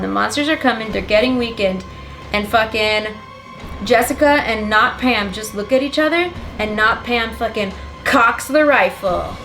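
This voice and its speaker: A woman's voice: fairly high pitch, fairly bright tone. A young woman giving a rambling, sarcastic and profane comedic plot summary of a film. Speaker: comedic movie recapper.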